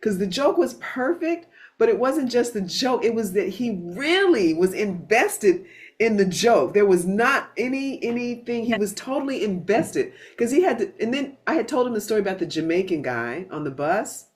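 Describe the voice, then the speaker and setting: A woman hosting a spiritual gathering, telling stories in a casual, animated way, with frequent restarts and some swearing. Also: mid-range voice, normal speed. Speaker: satsang host.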